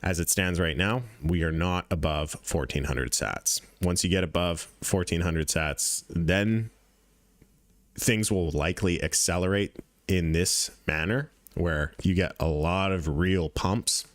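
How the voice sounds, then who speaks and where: Low-voiced blunt man talking crypto charts. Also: a little slow, no room sound. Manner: blunt, profane, repeats points for emphasis. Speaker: crypto trading channel host. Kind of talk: casual market commentary over charts.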